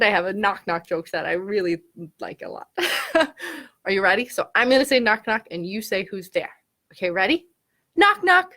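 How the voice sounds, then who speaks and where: A woman, a children's librarian, reading a picture book aloud at story time, animated and gasping as she asks the children questions. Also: mid-range voice.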